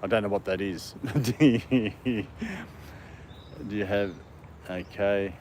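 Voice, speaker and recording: Brief: Australian male livestream host, lowish voice, relaxed chat outdoors with faint background noise. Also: slow. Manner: chatty, reads out and answers viewer comments, talks to his dog. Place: outdoor dog park.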